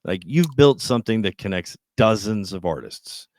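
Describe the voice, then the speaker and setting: A man hosting a podcast interview, asking prepared questions in a measured way. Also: lowish voice, expressive, dry recording, clean studio sound. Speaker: podcast host.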